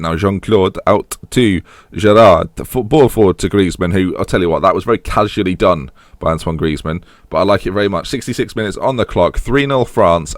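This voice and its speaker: A man's voice: sits low, no echo, studio quality. A young man giving chatty, wry commentary over a football management game, often breaking off mid-sentence. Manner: chatty, wry, self-interrupting. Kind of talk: casual gameplay commentary.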